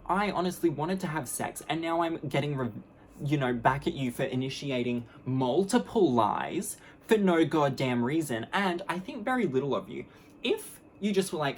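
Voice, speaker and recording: A woman's voice: low-pitched, animated, moderate pace, a little hiss or hum. A young adult woman telling a story on her vlog, candid, blunt and sarcastic, mocking the people in it with put-on voices. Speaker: vlogger.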